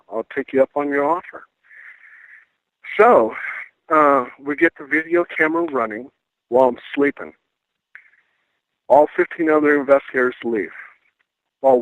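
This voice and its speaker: A middle-aged man tells a paranormal encounter with lively energy, slipping into the voices of the people he quotes. His voice sits at an ordinary pitch and comes through a thin, tinny phone line. The sound is dry and close. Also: gravelly, dry recording. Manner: animated storyteller acting out quoted voices. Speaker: paranormal investigator guest. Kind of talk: casual storytelling on a radio call-in.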